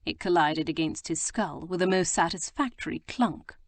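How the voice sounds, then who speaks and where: A woman narrating an audiobook in a measured, expressive storytelling manner. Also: fairly low pitch, no room sound. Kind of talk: scripted narration.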